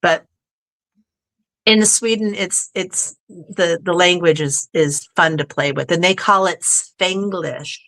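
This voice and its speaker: A woman's voice: fairly low pitch, takes it slowly, fairly bright tone. Chatty woman storyteller. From United States. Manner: chatty storyteller who acts out quoted people. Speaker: podcast guest. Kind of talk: casual conversation.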